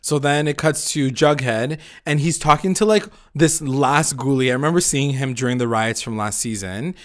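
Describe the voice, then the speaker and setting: A man's voice: mid-range voice, normal speed, a bit bright. Rambling, cursing male podcast host. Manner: rambling, profane, heavy use of "like"; acts out characters' lines in retelling. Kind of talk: casual recap chat.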